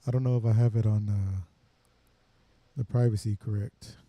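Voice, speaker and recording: A man hosting a live podcast, chatting casually and haltingly with many fillers while checking his setup. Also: fairly low pitch, steady tone, warm tone. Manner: loose, halting, lots of fillers while fixing gear. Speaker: podcast host. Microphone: headphones and desk mic.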